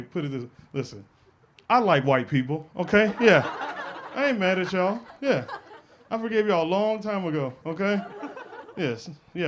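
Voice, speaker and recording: A brash young man tears through a profane stand-up routine, teasing the crowd between punchlines. His voice sits a little high for a man. Faint background noise runs under the stage mic. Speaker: stand-up comedian. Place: comedy stage with a live audience laughing.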